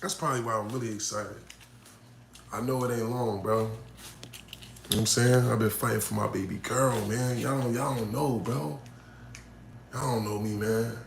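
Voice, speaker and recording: A man's voice: mid-range voice, fairly even intonation, moderate pace, creaky, long pauses, reverberant, a little hiss or hum. A man, a battle rapper, chatting casually with fans in a slangy, profane, rambling way that swings between hyped and subdued. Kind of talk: casual live chat with fans.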